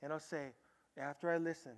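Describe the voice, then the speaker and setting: A man preaching a sermon as a pastor, telling stories with sudden loud bursts and hushed, quiet stretches. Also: on the high side, a little fast. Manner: animated storytelling, swinging from loud bursts to hushed tones. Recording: long hall reverb.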